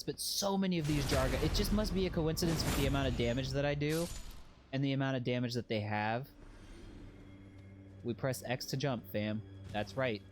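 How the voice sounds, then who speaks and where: A man streaming a video game, joking with chat and repeating phrases in mock panic. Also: medium pitch. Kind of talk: casual gameplay commentary.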